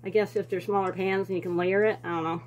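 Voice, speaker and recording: A woman chats away to herself as she bakes in her home kitchen. Her talk is folksy and rambling, full of small asides, at an ordinary middle pitch. A faint hiss of noise sits under the recording. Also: fairly even intonation, fast talker, darkish tone. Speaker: home cooking vlogger. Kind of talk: casual kitchen chat.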